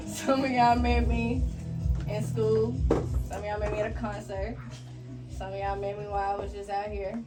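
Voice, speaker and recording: A woman's voice: mid-range voice, little pitch movement, measured pace, long pauses. Emotional woman thanking friends from afar. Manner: heartfelt, tearful, laughing between words. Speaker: artist hosting her listening event. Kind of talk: emotional thank-you speech. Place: recording studio with a gathered crowd. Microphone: far from the mic. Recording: distant room mic with music behind.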